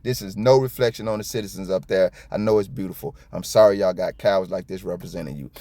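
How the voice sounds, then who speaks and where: A middle-aged man from South Florida rants through a reaction video in a fast, tumbling delivery, blunt and profane. His voice sits fairly low. Every so often he trips over words, then presses right on. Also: dark tone, no echo. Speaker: copwatch commentator. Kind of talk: casual reaction commentary.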